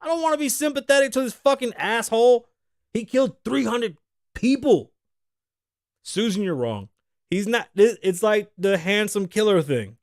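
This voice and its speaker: Animated, profane man in his thirties. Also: sits high, moderate pace, no room sound, studio quality. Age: 30s. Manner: profane, animated, joking, laughs often. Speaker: podcast host. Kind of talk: casual solo podcast rant. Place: studio.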